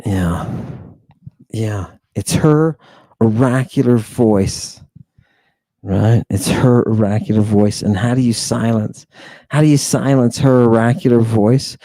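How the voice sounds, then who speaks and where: A man's voice: fairly low pitch, slow, mellow, no room sound. A man hosting a late-night podcast lecture, rambling and sardonic as he talks straight at his listeners. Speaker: podcast host.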